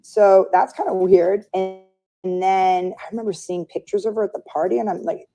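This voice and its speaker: A woman's voice: medium pitch, steady tone, moderate pace, dark tone, soft background music, low-quality recording. A woman being interviewed, recounting a personal story in a conversational way, full of "like" and retold dialogue. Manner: conversational, many "like"s, reenacts dialogue. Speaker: interview guest.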